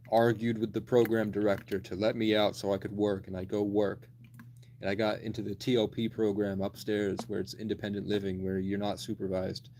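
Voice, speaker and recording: A young man in his twenties talks on and on in a low, flat voice. He swears freely and bluntly as he rambles through a story. A faint ambient hum sits underneath. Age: 20s. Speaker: livestreamer.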